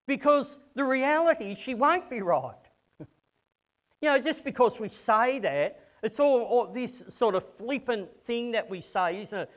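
A man's voice: extremely high pitch, animated, moderate pace, a bit bright. A man preaching a conversational sermon to a congregation, often repeating words as he starts a phrase.

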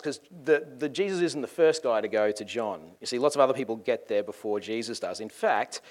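A man preaching a sermon in a lively, conversational and joking way. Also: mid-range voice.

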